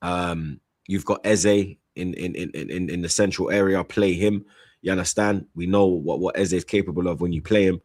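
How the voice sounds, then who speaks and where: A man chatting casually on a football stream, rambling through shout-outs with slang and repeated "you get me". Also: sits low, steady tone, normal speed, no echo, clean studio sound. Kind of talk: casual chat, reading out super chats.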